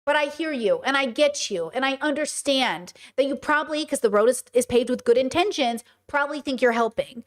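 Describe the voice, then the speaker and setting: Woman livestream commentator, high voice, stern and direct, reads out chat and answers it. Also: fairly quick, hardly any pauses. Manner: passionate, direct, animated argument. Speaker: streamer and commentator.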